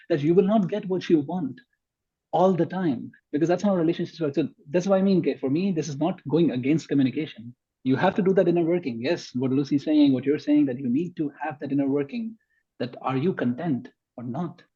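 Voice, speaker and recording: Man, podcast guest, mellow husky voice, emphatic debater, slightly muffled recording. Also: a little high, fast. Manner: emphatic, argues point by point. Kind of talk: conversational podcast discussion.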